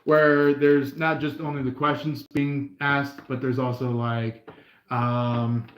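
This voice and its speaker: A man's voice: medium pitch, level tone, slow, roomy sound, lo-fi sound. A man hosting a live tarot reading stream, talking in a meandering way, full of fillers and restarts. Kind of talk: rambling live-stream chat.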